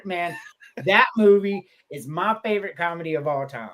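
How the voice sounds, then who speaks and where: A man on a casual podcast retells comedy scenes with gusto. His voice sits high and he bursts into loud acted-out lines. He swears freely as he talks. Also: moderate pace. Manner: animated, swearing, acts out quotes in loud voices. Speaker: podcast co-host.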